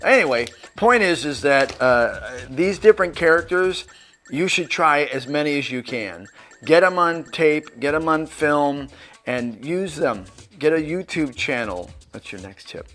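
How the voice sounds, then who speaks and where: A man's voice: on the high side, expressive, unhurried, a bit bright, soft background music. A man, an actor, giving casual career tips in a chatty, anecdotal way and speaking directly to the viewer. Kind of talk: conversational tips video.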